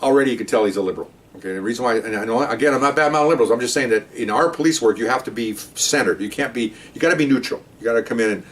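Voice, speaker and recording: A middle-aged man, a former police officer, telling a story from his patrol days in a casual, animated way, talking to his listeners. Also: fairly low pitch, fast talker, distant mic. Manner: conversational, animated, asides to listeners.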